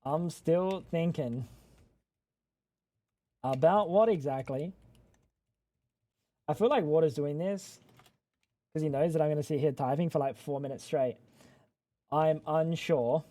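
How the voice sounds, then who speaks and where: A man's voice: fairly high pitch, measured pace, pauses often, mellow. A young man streaming live, chatting casually with teasing, swearing banter and rambling thoughts that trail off. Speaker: livestreamer. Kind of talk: casual livestream chat.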